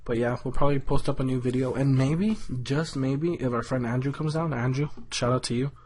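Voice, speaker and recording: A man's voice: medium pitch, steady tone, a little fast, a little mellow. A man co-hosting a casual podcast with a friend, telling a story in a loose, profane way with lots of fillers. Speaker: podcast co-host.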